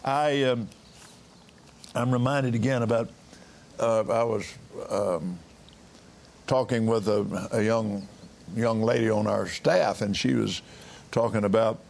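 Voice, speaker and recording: A man's voice: lowish voice, slow, gravelly, pauses often, a little mellow, a little hiss or hum. A man preaching casually on a broadcast from his backyard, rambling with restarts and chuckling as he talks. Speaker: minister. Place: backyard, outdoors.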